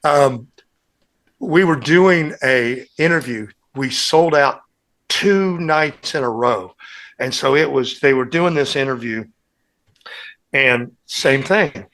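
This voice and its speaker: A man's voice: medium pitch, takes it slowly, fairly bright tone. Man rambling through road stories. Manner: rambling anecdotal storytelling, acting out quotes. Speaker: guest musician telling band stories. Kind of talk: casual podcast chat.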